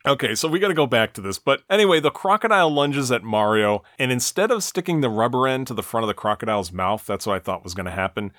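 A man recaps an old cartoon for a podcast, scene by scene, and drops dry jabs at its logic along the way. His voice sits at a middling pitch. The recording is close and dead dry. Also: animated, fast, hardly any pauses, a bit bright, no echo. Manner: narrates plot beat by beat with dry asides. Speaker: podcast co-host. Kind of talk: casual recap of a cartoon episode.

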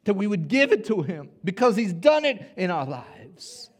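A man's voice: high voice, sing-song, moderate pace. A man preaching a sermon as pastor, emphatic, repeating words and rallying his listeners.

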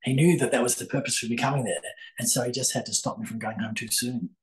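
A man's voice: mid-range voice, fairly even intonation, quick pace, poor audio. An older man, a guest telling a long story with many fillers and restarts in a podcast interview. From Australia. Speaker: guest, psychic author.

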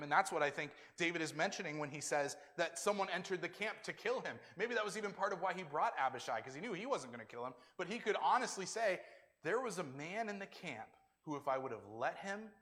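In a hall with long reverb, a man preaches in a conversational style, performing the quoted lines in his own voice. His pitch is on the high side, a bit bright, with lively intonation and a brisk pace.

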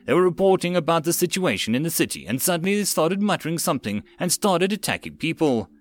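A man's voice: on the high side, big pitch swings, no room sound, voice pushed up. A man voicing a frantic soldier explaining in a hurry. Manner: frantic, hurried. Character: frantic young male soldier.

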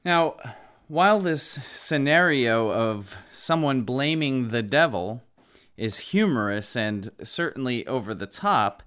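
An earnest male preacher delivers a sermon with emphatic lines and halting asides. His voice is smooth and resonant, at a middle pitch for a man. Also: animated, a bit bright.

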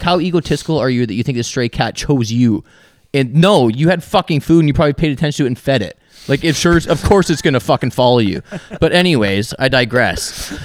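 Heavy swearing fills the casual, ranting story told by this young man from Alberta, Canada, a guest on a podcast. His voice leans high, and the studio-quality recording has no room sound.

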